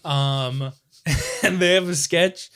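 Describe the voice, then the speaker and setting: A man's voice: a little high, a bit bright, clear, resonant tone. A man co-hosting a casual podcast who teases his co-host with crude, playful jokes. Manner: teasing, crude, quick to joke.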